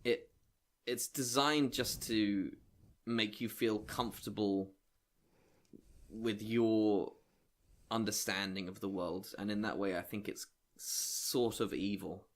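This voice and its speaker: A man co-hosting a comedy review podcast, talking hesitantly and deadpan in casual chat. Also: lowish voice, slow pace. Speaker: podcast co-host.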